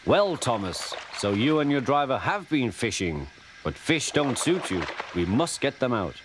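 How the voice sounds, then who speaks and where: A man's voice: medium pitch, big pitch swings, a little slow, background noise. Man playing a pompous portly railway boss. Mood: stern. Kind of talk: children's storybook narration.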